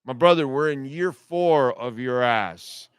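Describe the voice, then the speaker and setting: A man's voice: medium pitch, measured pace, clear, resonant tone, no echo. A man hosting a sports talk radio show, ranting bluntly and sarcastically with plenty of profanity.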